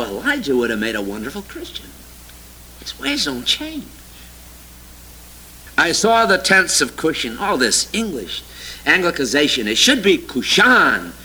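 High, sharp-voiced sarcastic male preacher. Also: slight background noise, rough recording. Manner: sarcastic, mocking; animated, swinging from loud exclamations to low asides. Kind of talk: sermon with scripture reading.

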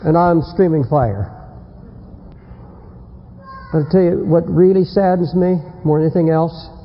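A man preaching a fiery sermon, telling a story and acting out its people, swinging from shouts to hushed warnings. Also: on the high side, a little slow, a little hiss or hum. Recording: lo-fi recording in a reverberant hall.

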